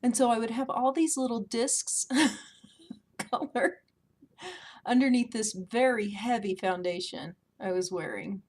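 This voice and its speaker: A woman's voice: on the high side, moderate pace, few pauses, darkish tone. A woman in her thirties talking casually to camera at home, chatty and self-mocking, often laughing. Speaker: beauty vlogger. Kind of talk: casual vlog chat.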